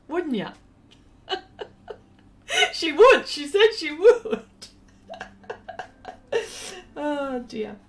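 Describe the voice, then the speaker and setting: A woman's voice: on the high side, vocal fry. An Australian woman hosting a casual art live stream. She chats with viewers, reads their comments aloud and laughs often. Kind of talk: casual live-stream chat while painting.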